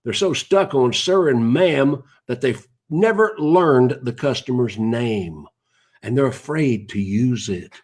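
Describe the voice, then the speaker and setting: A man's voice: medium pitch, animated, slow, a little mellow, slightly rough. A man, hosting a live broadcast in a casual, rambling way and greeting viewers by name as he goes.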